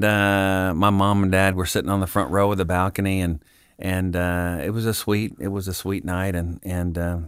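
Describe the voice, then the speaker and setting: A middle-aged man from Kansas, a podcast guest telling a story in casual chat, acting out the dialogue with lively voices. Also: sits low, smooth, dry recording, clean studio sound. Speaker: podcast guest, Christian singer-songwriter.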